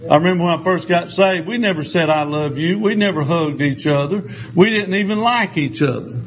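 A man with a Southern US accent preaches in a folksy, drawling way, spinning homespun stories. His voice sits high. The recording is dull and lo-fi, with a faint hiss. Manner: folksy storytelling, drawling, chuckling. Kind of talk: folksy sermon.

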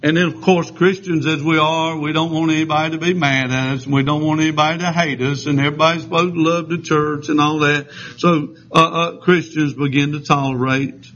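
Guy preaching fired up, voice kinda high, muffled lo-fi recording. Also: steady tone, a little fast, few pauses, fairly bright tone, slight background noise. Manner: fiery, emphatic, punctuated with amens. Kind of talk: sermon. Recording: dull lo-fi sound.

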